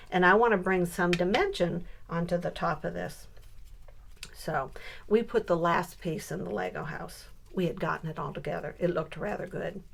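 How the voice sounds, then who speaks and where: Animated grandmother in her sixties. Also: fairly low pitch, creaky. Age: 60s. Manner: animated storyteller who builds to punchlines. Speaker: scrapbooking crafter. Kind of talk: casual storytelling while crafting.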